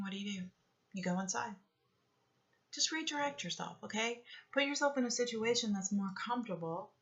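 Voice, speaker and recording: Woman motivational speaker, bright, forceful delivery, earnest and repetitive, dull lo-fi recording. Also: medium pitch. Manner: earnest, repetitive coaching, frequently asks "okay?". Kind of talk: motivational talk with guided meditation.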